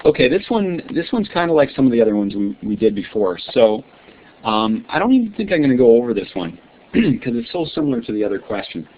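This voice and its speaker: A man's voice: mid-range voice, sing-song, a little fast. Friendly male teacher on a tinny line. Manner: friendly, quizzing students, checking with "right?". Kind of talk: online science lesson. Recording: tinny lo-fi line with faint hiss.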